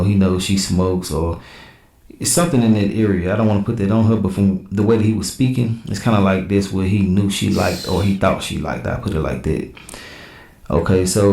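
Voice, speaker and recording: Low, mellow-voiced man reading texts aloud. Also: roomy sound. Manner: blunt, slangy, reads quoted messages in a plain back-and-forth. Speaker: reaction channel host. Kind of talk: casual commentary reading text messages aloud.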